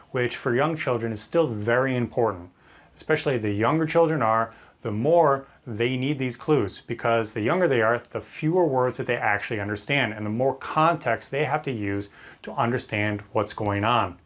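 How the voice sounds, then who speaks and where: A man, a teacher trainer, explaining classroom techniques in a clear, friendly instructional video. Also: mid-range voice.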